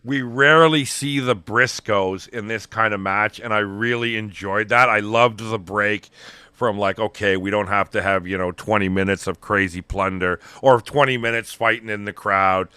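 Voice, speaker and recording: Middle-aged guy gushing about a wrestling show, bright clear voice, dry close mic. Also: on the low side, steady tone, moderate pace, no room sound. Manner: enthusiastic, retells promos in quoted voices. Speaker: podcast co-host. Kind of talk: casual wrestling review chat.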